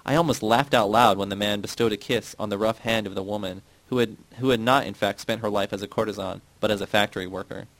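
A man narrating a novel in a measured reading voice, giving the characters' quotes a light touch. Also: on the low side, steady tone, a bit bright, no echo, poor audio. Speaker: audiobook narrator. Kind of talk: scripted narration.

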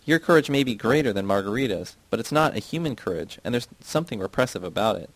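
A man reading a novel aloud in a measured, earnest way. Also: on the low side, expressive, no room sound. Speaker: audiobook reader.

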